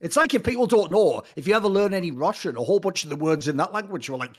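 British male co-host, quick-talking, slightly high voice, punchy and sweary. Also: lively intonation, slightly rough. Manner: emphatic, combative, swears freely. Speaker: podcast co-host. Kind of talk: casual esports discussion.

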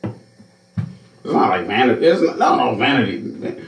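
A man's voice: medium pitch, sing-song, a little slow, creaky, echoey room, a little hiss or hum, rough recording. A man hosting a podcast, telling a story in a casual, profane way. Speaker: podcast host.

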